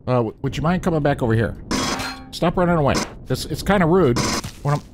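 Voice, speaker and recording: A man's voice: fairly high pitch, lively intonation, brisk, music in the background. A man hosting a gaming channel, chatting casually through his gameplay and politely addressing the enemies he fights.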